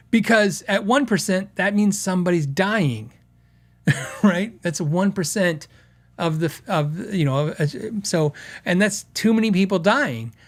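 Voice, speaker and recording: A podcast host with a high voice speaks slowly in a casual chat, reading out viewer comments. He's conversational and rambling, restarting sentences and acting out quotes.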